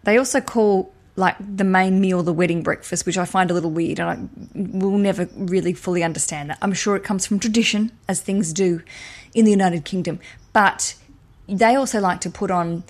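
A woman hosting a podcast, talking in a chatty, animated way and getting worked up and ranty. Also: mid-range voice, moderate pace. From Australia. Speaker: podcast host. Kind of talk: casual solo podcast talk.

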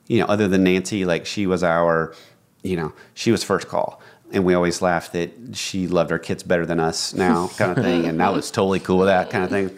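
A man's voice: low-pitched, little pitch movement, a little fast. A middle-aged man co-hosting a podcast, telling a personal story in an earnest, reflective way. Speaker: podcast co-host. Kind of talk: casual podcast chat.

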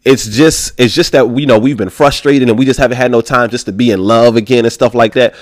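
Animated slangy man telling a story. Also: medium pitch, fairly quick, dry recording. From Baltimore. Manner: animated, slangy, acts out other people's voices. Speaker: podcast guest. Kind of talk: casual storytelling.

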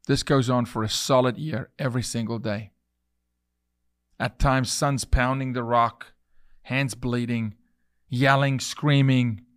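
A man's voice: medium pitch, fairly even intonation, a little slow, pauses often, a bit bright, no room sound, studio quality. A man hosting a podcast, delivering an emphatic, preachy monologue full of repeated phrases and illustrative stories. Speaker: podcast host.

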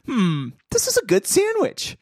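Giggly, wildly expressive co-host. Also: high-pitched, unhurried, dry recording, studio quality. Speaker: podcast co-host. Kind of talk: casual chat.

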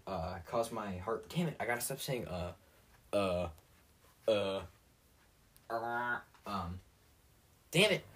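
Sitting far from the mic, a teenage boy podcast host rants on his own in a rambling, sarcastic, self-mocking way, stumbling over fillers and restarts. His man's voice is fairly low in pitch.

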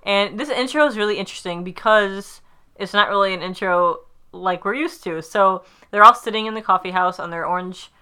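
A woman's voice: medium pitch, brisk, pushed and bright, clean tone. A woman recapping a sitcom episode in casual chat, rambling with fillers and acting out the characters' lines. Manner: chatty, rambling with many fillers, acts out quotes.

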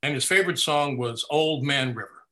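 An older man in an interview, recounting family memories in a lively storytelling way and laughing at his own anecdotes. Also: medium pitch, moderate pace. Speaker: interview guest. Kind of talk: reminiscing in a conversational interview.

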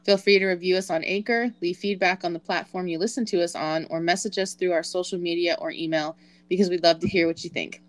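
A woman co-hosting a podcast, her voice sitting a little low. She chats with a few fillers, then reads the closing announcements in a steady, practiced way. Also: quick pace. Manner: hesitant with fillers in chat, smooth and steady when reading the sign-off. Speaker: podcast co-host. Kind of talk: casual chat, then a read-out outro.

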